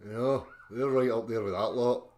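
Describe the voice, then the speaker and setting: A man's voice: mid-range voice, moderate pace, a little mellow, slight background noise. A Scottish man hosting a livestream, reading out chat and mocking his critics in a sweary, combative rant.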